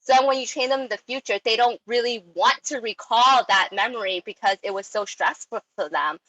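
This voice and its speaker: A young woman giving a casual online talk on dog training, chatty and animated, with many ums and likes. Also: a little high, brisk, no echo, poor audio.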